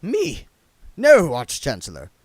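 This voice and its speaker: A high, jittery wizard bursar who stammers and trips over his words, as a man puts him on. The voice climbs well above the reader's own and keeps snagging on repeated syllables, and it sounds like a dry, close recording. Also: huge pitch swings, slow pace, dry recording, full character voice. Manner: stuttering, panicky.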